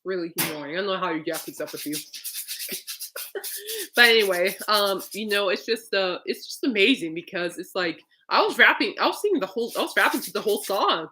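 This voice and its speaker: A woman's voice: medium pitch, animated, fairly quick, sharp tone. A woman hosting a podcast in casual, rambling chat, laughing often. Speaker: podcast host.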